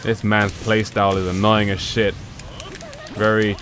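Male gamer, drawling profane play-by-play, bright tone. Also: fairly low pitch, flat delivery, unhurried, soft background music. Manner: profane, frustrated mutterings with sudden shouts. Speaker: gameplay commentator. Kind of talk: casual live gameplay commentary.

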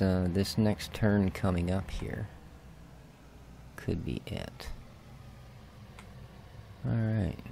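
A middle-aged Canadian man with a Canadian accent, chatting casually and joking at himself as he plays a farming game, now and then dropping to soft mutters. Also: low voice, creaky, a little hiss or hum. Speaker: gaming video host. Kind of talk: casual let's-play commentary.

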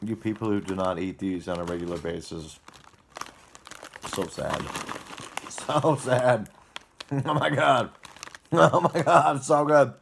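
A woman's voice: rumbling low, slow, gravelly, long pauses, noisy background. A woman vlogging on her phone at home, gushing and laughing as she eats from a snack bag. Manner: gushing, exclaiming and laughing between bites. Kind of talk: casual taste-test vlog. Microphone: phone camera. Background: crinkling snack bag.

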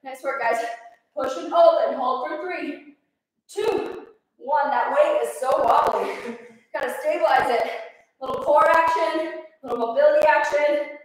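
Woman, Minnesotan accent, fitness instructor, upbeat countdowns, very high voice, far from the mic, very echoey room. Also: a little slow. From Minnesota, USA. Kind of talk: live workout coaching.

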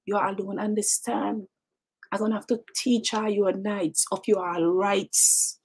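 A woman's voice: mid-range voice, flat delivery, a little slow, a little mellow, slightly rough. A middle-aged woman with a Jamaican accent hosting a talk show, chatting and teasing in a casual monologue that mixes in patois and repeats words.

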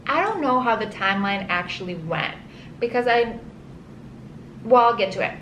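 A woman casually telling her own birth story in an animated, dramatic way, leaning on "like" a lot. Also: a little high, normal speed, dull audio. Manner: animated, dramatic, says "like" often. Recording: roomy echo with faint ambient hiss.

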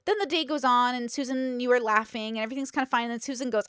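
A woman's voice: on the high side, fairly even intonation, very fast, hardly any pauses, fairly bright tone, clear, resonant tone, no echo, studio quality. Chatty, emphatic woman podcast host. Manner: emphatic, chatty, with rhetorical questions. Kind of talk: casual monologue.

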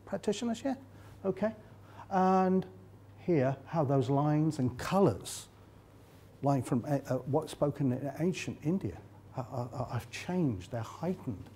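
A man's voice: fairly high pitch, animated, unhurried, dark tone, slight background noise. An older Englishman with an English accent giving a chatty, joking lecture at a conference, with many fillers. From England. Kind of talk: live conference lecture with slides. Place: conference hall.

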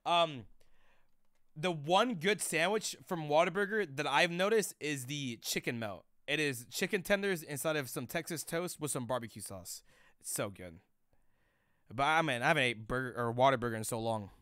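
A man's voice: fairly high pitch, normal speed, sharp tone, dry recording, clean studio sound. A young man streaming live, chatting loosely with chat in rambling, profane slang.

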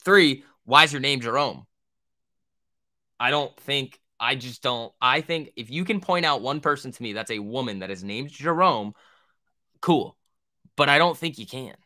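A young man chats casually on a trading livestream, swearing freely and joking as he rambles through viewer questions. His voice has a bright, sharp edge at an ordinary pitch, and he talks in loose slang. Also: lively intonation, normal speed. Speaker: stock trading livestream host.

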